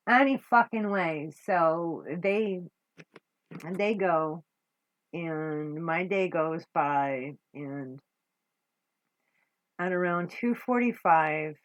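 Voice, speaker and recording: A woman with a low voice rambles through a story about her flea market booth, swearing often and restarting as her exasperation builds. The recording is lo-fi, with no room sound.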